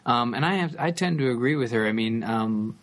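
A man co-hosting a casual podcast chat, halting and repeating words with many fillers. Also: medium pitch, expressive, a bit bright. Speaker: podcast co-host.

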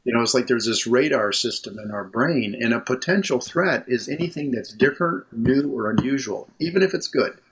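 A man's voice: medium pitch, fairly quick, few pauses, a bit bright, husky. A man working as a mental health counselor, chatting as an interview guest from a room at home, rambling and restarting his sentences. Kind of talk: casual interview conversation.

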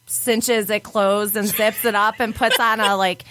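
A woman co-hosting a podcast, ranting fast and bluntly and swearing in casual chat. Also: mid-range voice, level tone, noisy background. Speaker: podcast co-host.

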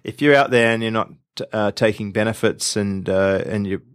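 A man co-hosting a business podcast, talking in relaxed casual chat with teasing banter. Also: lowish voice, moderate pace, clear, resonant tone. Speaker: podcast co-host.

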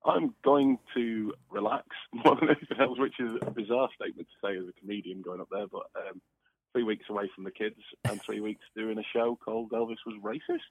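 In this phone-in interview, the comedian guest speaks fairly quickly in a lowish, husky voice. He's recovering from an illness but is chatty and laughs a lot, and the line sounds tinny.

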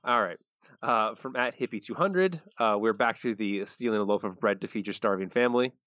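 A man's voice: lowish voice, a little fast, a bit bright, dry recording, lo-fi sound. A man co-hosting a podcast, casually chatting and reading out listener messages while laughing often. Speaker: podcast co-host. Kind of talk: casual chat.

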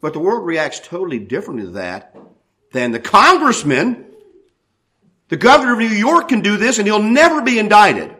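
Preacher guy, voice jumps all over, kinda high, lots of questions to the crowd. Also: moderate pace. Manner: animated preaching with rhetorical questions. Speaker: pastor. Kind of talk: sermon.

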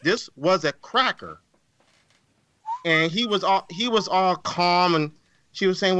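A man's voice: high voice, takes it slowly, pauses often, bright, forceful tone, dull audio. A man co-hosting a podcast in casual chat, talking emphatically and repeating words for effect. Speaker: podcast co-host.

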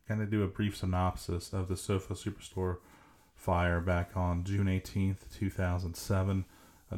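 A man's voice: sits low, darkish tone. A man hosting a podcast, introducing a clip in a plain, informal way. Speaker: podcast host.

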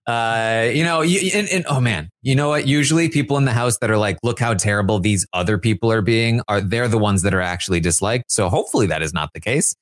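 A podcast host giving a measured reality show recap, with many fillers. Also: mid-range voice, expressive, dry recording, clean studio sound.

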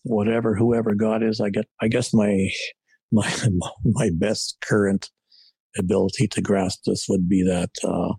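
A man shares his recovery story in a candid, reflective way, often circling back to restart a sentence. His voice sits low, with a gravelly edge and a husky texture. The recording is close and dry. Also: level tone, a little slow, dark tone, dry recording, low-quality recording. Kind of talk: personal storytelling in conversation.

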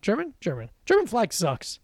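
A playful man co-hosting a comedy podcast, joking around in casual chat. His pitch bounces up and down a lot, and he sounds lively. The sound is dry and close. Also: normal speed, dry recording. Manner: playful, animated, jokey. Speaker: podcast co-host.

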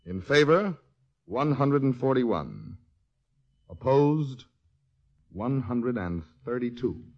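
An actor playing a patient, history-loving male soldier in a 1940s radio drama, telling history in an animated way. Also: medium pitch, slow pace, lo-fi sound, full character voice. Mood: storytelling. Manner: tells history in an animated storytelling way.

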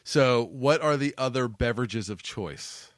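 A man's voice: mid-range voice, a little slow, no room sound. Brief: easygoing male host, teasing tone, dry studio sound. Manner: jokey, laughs easily. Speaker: podcast host. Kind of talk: casual interview.

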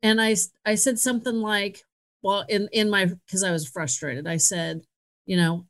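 A woman's voice: medium pitch, lively intonation, normal speed, a bit bright. A middle-aged woman hosting a podcast, telling a story in a casual, candid and self-mocking way, laughing often. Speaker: podcast host.

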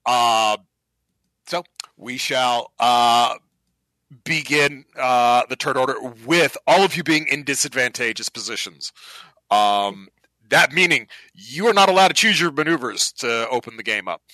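A man's voice: medium pitch, animated, a little slow, bright, forceful tone, no echo. A man running a tabletop game as game master, rambling and casual with laughs and the odd swear.

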